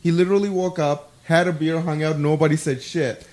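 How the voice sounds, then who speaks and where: A man with a slightly raised pitch, chatting on a casual podcast. He rambles through stories, padding them with fillers and curses. He sounds loose and unscripted. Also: steady tone, brisk, darkish tone. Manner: rambling anecdotes, lots of filler and swearing. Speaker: podcast co-host. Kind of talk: casual chat.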